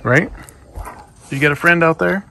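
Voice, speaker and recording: A man with a gravelly, creaky voice coaxes his dogs in a sing-song, affectionate way. He is outdoors and then indoors, and faint noise sits behind him. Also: a little high, a little slow, bright, forceful tone. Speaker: dog vlogger. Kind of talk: casual talk to his dogs.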